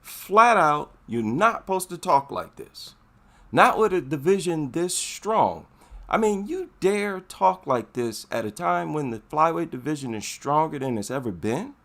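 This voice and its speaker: A man's voice: on the high side, sing-song, measured pace, a bit bright. A man giving casual, emphatic commentary, repeating his points for effect. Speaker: MMA commentary vlogger.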